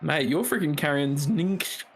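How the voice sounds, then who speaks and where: A man giving excited, joking commentary while playing a game with a friend, throwing in mock-British slang. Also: on the high side, measured pace, breathy edge. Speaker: gamer streaming with a friend.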